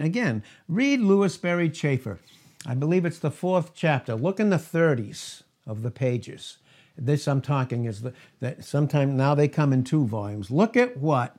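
The speaker is a pastor giving a verse-by-verse expository sermon, his slightly high voice carrying a darkish tone. He reads the King James text aloud, then veers into asides and rhetorical questions.

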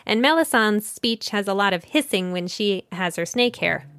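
A woman with a medium-pitched, slightly bright and smooth voice speaks at a moderate pace with lively intonation. She hosts a children's book podcast, chatting through a story's summary and discussion while thinking aloud and occasionally correcting herself. There's no echo.

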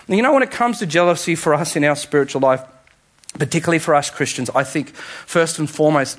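A pastor delivering a sermon in a conversational way that builds to emphatic, repeated appeals. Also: male voice, a little high, fairly bright tone. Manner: conversational preaching, rising to emphatic repetition.

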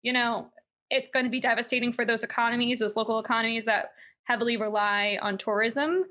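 A young woman with a faint Southern accent chats through the week's news as a podcast co-host. Her voice sits a little high and sounds bright and forceful, opinionated and quick to laugh. The audio is dull and lo-fi. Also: fairly even intonation. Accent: slight Southern. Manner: chatty, laughs often, opinionated. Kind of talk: casual news chat.

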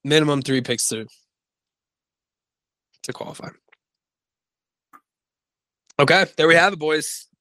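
A man's voice: on the high side, moderate pace, pushed and bright, no room sound, poor audio. A man co-hosting a casual podcast, rambling and correcting himself as he talks through his picks. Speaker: podcast co-host. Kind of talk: casual sports-betting chat.

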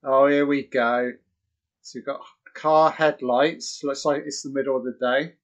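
A man giving crude, excitable, mocking live commentary on a horror film. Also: medium pitch, unhurried. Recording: dull lo-fi audio.

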